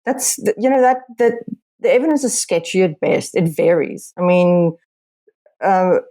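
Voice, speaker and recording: A woman's voice: lowish voice, lively intonation, measured pace, dark tone. A woman journalist from Africa, answering earnestly with many restarts. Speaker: journalist guest. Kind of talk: podcast interview.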